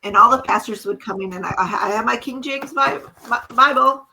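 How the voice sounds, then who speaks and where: A woman's voice: fairly high pitch, a little fast, pushed and bright, slight background noise, low-quality recording. A woman guest on a podcast, sharing an earnest, emotional personal testimony and acting out quoted dialogue as she tells it. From small town.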